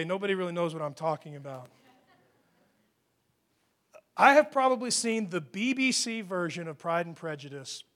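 A man preaching a conversational sermon, moving between rising emphatic peaks and hushed, quieter asides. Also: sits high. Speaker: pastor. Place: church hall.

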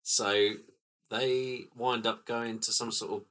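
A man's voice: medium pitch, flat delivery, slow, fairly bright tone. A man co-hosting a casual film podcast, laid-back and a little unsure as he chats. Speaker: podcast co-host.

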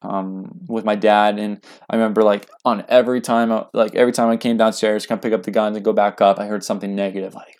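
Young male guest, slightly low voice, earnest, halting delivery with many fillers. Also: little pitch movement, darkish tone. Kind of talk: casual spoken storytelling.

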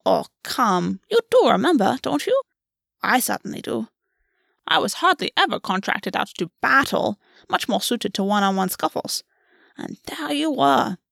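A woman voicing a brash, clawed fae queen who mocks warmly and swears freely. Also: on the high side, sing-song, unhurried, vocal fry, no room sound, studio quality, full character voice. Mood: gloating. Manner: mocking yet warm, swears freely. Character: brash, teasing female fae queen, a clawed bird shifter.

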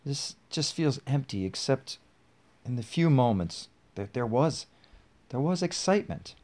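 A man reading as a soft, breathy young woman. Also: medium pitch, very animated, measured pace, voice pushed up. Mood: wistful. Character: young woman, soft-spoken, restless and wistful. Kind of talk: reading a text dialogue aloud.

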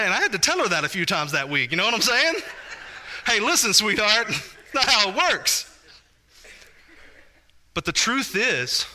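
Male pastor, thirties, high bright voice, animated conversational sermon. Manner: animated, conversational preaching with asides to the congregation.

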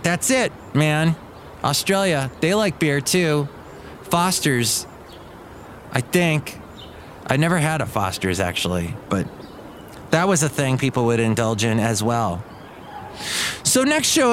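A man's voice: mid-range voice, very animated, a little slow, long pauses, fairly bright tone, slight background noise. A man hosting a podcast in a casual, rambling monologue who digresses, trails off and corrects himself. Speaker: podcast host.

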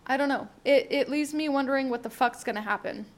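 A woman's voice: high-pitched, fast talker. A young woman talking candidly on her own podcast, rambling and swearing freely as she thinks aloud. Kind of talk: casual solo podcast monologue.

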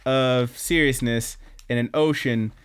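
A man's voice: medium pitch, slow, clean tone. A young man hosting a podcast, casually rambling through an anime episode recap and acting out the lines. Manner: rambling, animated retelling, acts out quotes. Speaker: podcast host.

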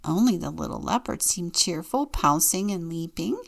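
A woman deacon reading a children's picture book aloud in a gentle, unhurried storytelling manner. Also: fairly low pitch, expressive, vocal fry.

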